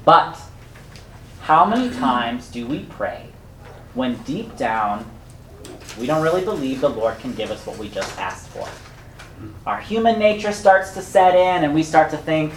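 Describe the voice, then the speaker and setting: A woman with a low, lively voice preaches a sermon, explaining each point step by step like a teacher. Her voice swings widely up and down as she stresses key words. The sound carries the echo of a roomy hall. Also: measured pace, a little hiss or hum.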